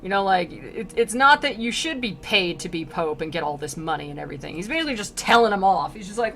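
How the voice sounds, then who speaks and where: A woman's voice: lowish voice, fairly quick, hardly any pauses, slight background noise. A woman streamer giving casual, chatty commentary on a classic poem, with plenty of filler words and an amused tone.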